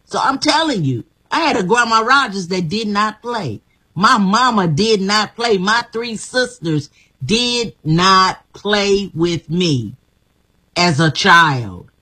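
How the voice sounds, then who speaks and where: A woman speaks slowly and emphatically, pressing her encouragement home by repeating her phrases. Her voice is bright and a little husky, with an unhurried, deliberate pace. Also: medium pitch, lively intonation. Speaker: guest. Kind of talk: motivational testimony.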